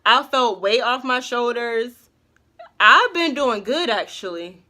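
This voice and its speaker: A woman's voice: a little high, animated, takes it slowly, pushed and bright. A young woman telling a personal story in a casual, chatty way, with lots of filler words and slang. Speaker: vlogger.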